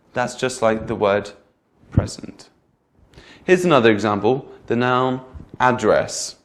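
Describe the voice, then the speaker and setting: A man teaching English pronunciation, speaking clearly and modeling each word slowly with exaggerated stress. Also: mid-range voice. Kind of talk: slow, clear teaching delivery.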